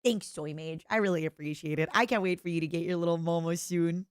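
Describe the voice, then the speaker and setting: A woman streamer with a slightly low voice chats live at her desk mic, playful and expressive, jumping between excited squeals and soft murmurs and repeating words for fun. Her throat sounds a little strained. The sound is close and dry. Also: brisk, clean tone, no echo. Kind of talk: casual live-stream chat reading fan letters.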